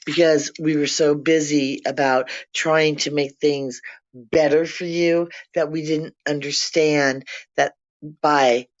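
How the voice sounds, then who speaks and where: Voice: medium pitch, steady tone, slow. Blunt profane older vlogger ranting. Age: 60s. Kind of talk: profane rant to camera. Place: apartment. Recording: dull lo-fi sound.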